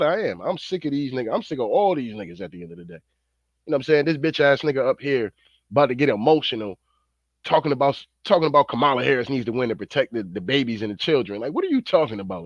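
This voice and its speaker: A man's voice: mid-range voice, dry recording, muffled recording. Fired-up profane male commentator. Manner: slangy, profane, fired-up, rambling. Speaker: online commentator.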